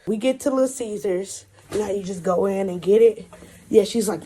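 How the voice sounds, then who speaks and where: A woman's voice: medium pitch, fairly quick, a little mellow, slightly rough. A young woman vlogger animatedly telling a personal story, swearing and laughing as she goes. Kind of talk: casual storytime.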